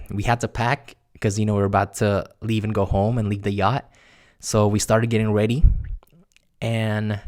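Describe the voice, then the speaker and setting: A young man casually telling a true spooky story to his viewers, animated and laughing as he acts out what people said. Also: on the low side. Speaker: storyteller vlogger.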